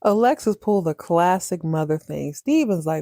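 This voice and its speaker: A woman chatting casually as a podcast host, animated and acting out lines in different voices. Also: lowish voice, normal speed, few pauses, no room sound, studio quality. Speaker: podcast host recapping a TV drama. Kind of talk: casual chat.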